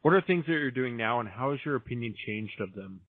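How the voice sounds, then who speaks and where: A man's voice: mid-range voice, lively intonation, a little fast, no room sound. A man hosting a radio interview in a joking, easygoing way. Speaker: host. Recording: tinny phone line.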